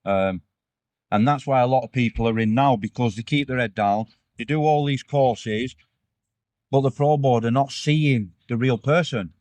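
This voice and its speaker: A man's voice: mid-range voice, moderate pace, a little mellow, no room sound. A man, a former prisoner as interview guest, telling his story candidly with rambling restarts. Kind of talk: casual interview chat.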